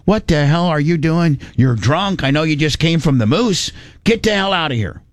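A gruff, boastful tough-guy dad who barks orders and curses, as a man puts him on. The voice sits a little high and sounds close and dry. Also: animated, normal speed, no room sound, close to an everyday voice. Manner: bossy, cursing.

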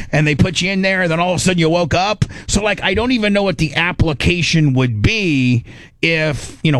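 A middle-aged man hosting a radio show, telling a rambling story in a casual, animated way on a studio microphone. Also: on the high side, no echo. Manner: animated, rambling, acts out his own inner voice.

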